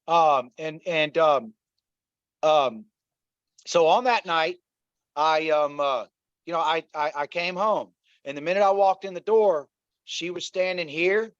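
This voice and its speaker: Middle-aged man, interview guest, earnest and repetitive storyteller; fairly high voice, muffled dry recording. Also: unhurried, long pauses, fairly bright tone, no echo. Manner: earnest, repeats himself, addresses listeners as y'all. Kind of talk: emotional personal storytelling. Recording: dull, slightly lo-fi dry sound.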